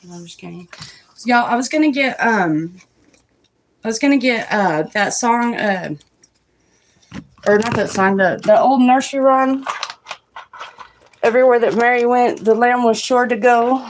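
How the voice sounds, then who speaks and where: A woman's voice: fairly high pitch, measured pace, long pauses, slight background noise. A young woman doing a casual, rambling tarot reading on a live stream, talking straight to her viewers. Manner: chatty, rambling, reads the cards out loud to viewers.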